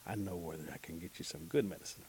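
A man voicing a quiet, knowing male mole who brews medicine, speaking low and hushed. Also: quick pace, slightly rough. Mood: sly, hushed.

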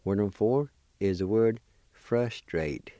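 A man teaching a language lesson, spelling and pronouncing words slowly and patiently, letter by letter. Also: lowish voice, mellow, no echo. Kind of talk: slow spelling and pronunciation lesson.

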